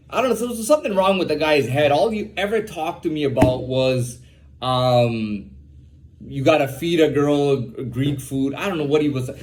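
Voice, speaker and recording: A young man talking in a casual, rambling monologue, repeating words and often saying "man.". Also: a little high. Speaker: host.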